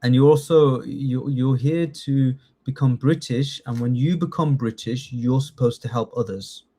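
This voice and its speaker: At a measured pace and in a mellow, medium-pitched voice, a man from the United Kingdom teaches citizenship test material in a live online session. He quizzes his students warmly and chattily, checking in again and again with "yeah?".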